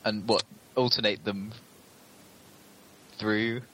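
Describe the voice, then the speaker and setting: A man with a low but bright, forceful voice chats as a podcast co-host. He explains things patiently and agrees easily. A faint hiss runs underneath. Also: fairly even intonation, slow, rough recording. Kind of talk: casual chat.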